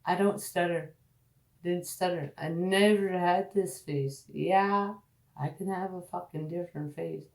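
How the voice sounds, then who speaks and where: A tipsy woman vlogging at home, rambling and swearing, slipping between loud outbursts and low murmurs. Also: steady tone, a little slow, gravelly, roomy sound. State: tipsy from drinking. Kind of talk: rambling casual monologue. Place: at home, indoors.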